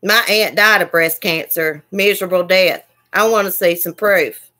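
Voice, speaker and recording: A woman's voice: lowish voice, normal speed, bright, forceful tone. A woman ranting angrily on her livestream, swearing and repeating herself. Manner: heated, cussing, repetitive. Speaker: livestream host. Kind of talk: angry livestream rant.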